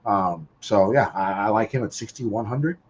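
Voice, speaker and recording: A man sitting in as guest co-host on a golf betting show, talking haltingly and leaning on fillers. His voice is husky and slightly breathy. The audio comes through a dull, lo-fi remote line. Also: fairly low pitch. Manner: halting, filler-heavy talk. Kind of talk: casual golf betting chat.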